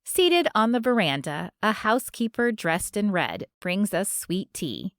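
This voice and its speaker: A woman narrating a first-person romance audiobook in a measured, expressive way on a close studio mic. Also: medium pitch, dry recording.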